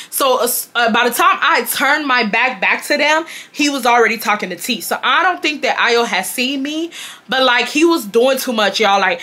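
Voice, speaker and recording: A young woman from the United States telling a casual storytime to her viewers, animated, slangy and profane. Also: fairly high pitch. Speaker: storytime vlogger.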